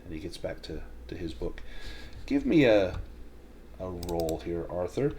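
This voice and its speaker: Slow, low-voiced male game master. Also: animated, warm tone, slight background noise. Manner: measured, descriptive, with frequent ums and restarts. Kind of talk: narrating a tabletop horror game.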